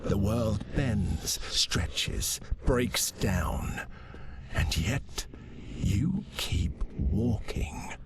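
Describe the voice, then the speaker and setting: A man voicing a brooding, philosophical narrator in a video game, speaking in a slow, measured way. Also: on the low side, lively intonation, vocal fry, heavy background noise, heavily acted. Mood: musing. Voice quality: measured, slow, musing delivery. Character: brooding adult male narrator, probing and philosophical. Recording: voice under loud game ambience.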